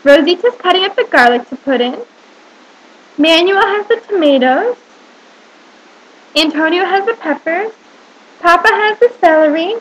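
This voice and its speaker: Very high, lively woman reading to children. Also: moderate pace, long pauses, low-quality recording. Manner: animated storytelling with questions to the listener. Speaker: teacher. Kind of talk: reading a picture book aloud to young children.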